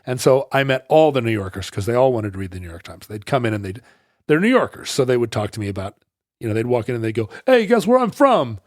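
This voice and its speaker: A man's voice: mid-range voice, fast, a little mellow, no echo, clean studio sound. A man co-hosting a podcast, telling rambling stories in casual chat with many restarts. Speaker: podcast co-host.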